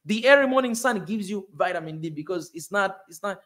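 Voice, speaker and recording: In an impassioned motivational monologue, a video host in his forties preaches fervently and repeats phrases to drive his points home. He speaks briskly and expressively, with a high-pitched, fairly bright voice.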